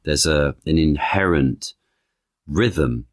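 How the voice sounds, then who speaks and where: A man, an actor and author, talking as a podcast guest in a thoughtful, halting way, piling up analogies with many restarts. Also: extremely low pitch, lively intonation, no echo, clean studio sound. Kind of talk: conversational podcast interview.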